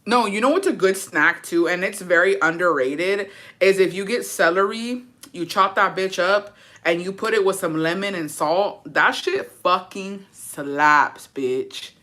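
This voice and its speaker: A woman's voice: fairly low pitch, moderate pace, fairly bright tone. A young woman livestreaming, chatting casually and answering viewer comments in a blunt, profane and dramatic way.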